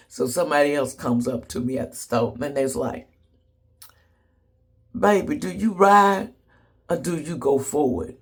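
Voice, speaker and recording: A man's voice: a little high, measured pace, pauses often, husky. A man telling comedic stories to the camera in a sassy, blunt way, laughing often. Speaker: vlogger. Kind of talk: casual comedic storytelling.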